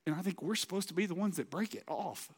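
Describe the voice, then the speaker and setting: A man's voice: sits high, animated, fast talker, husky. A man preaching a sermon as pastor, impassioned and exhorting, and emotional as he closes in prayer. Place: church auditorium. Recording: long church hall reverb.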